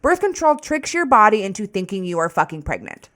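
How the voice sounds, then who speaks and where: A woman's voice: medium pitch, sing-song, a little fast, fairly bright tone. A woman in her twenties co-hosting a podcast, talking bluntly and casually with frequent swearing. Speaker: podcast co-host. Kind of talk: casual chat.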